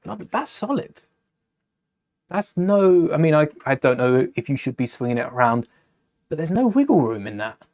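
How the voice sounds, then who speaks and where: A man's voice: fairly high pitch, very animated, normal speed, darkish tone. A young man hosting a casual live stream, chatting and thinking aloud while building, often correcting himself mid-sentence.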